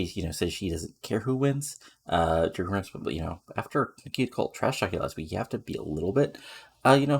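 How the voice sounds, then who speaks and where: A man's voice: sits low, creaky, slightly rough. A man giving casual, rambling commentary on a game he is playing, with lots of fillers. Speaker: let's play commentator.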